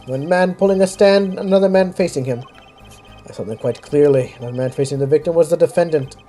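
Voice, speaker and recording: A man plays a pretentious young student on the witness stand, spinning out long, overblown sentences in a vague put-on accent. The voice is warm and mellow, a little high, with faint music behind. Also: fairly quick, close to an everyday voice. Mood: narrating.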